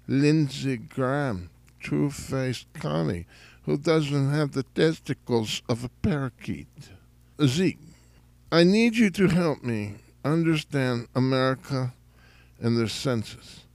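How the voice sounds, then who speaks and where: Man playing a slow, gravelly German leather merchant calling in, pompous and formal, dry close sound. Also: mid-range voice, a little mellow, dry recording. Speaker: caller. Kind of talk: comedic prank call monologue. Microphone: phone call.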